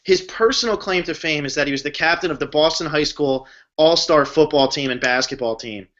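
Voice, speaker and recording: Jersey guy ranting on a podcast, bright sharp voice, lots of "dude", lo-fi sound. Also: fairly high pitch, brisk. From New Jersey. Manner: animated, emphatic, slangy. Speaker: podcast co-host. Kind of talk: casual chat. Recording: dull lo-fi recording.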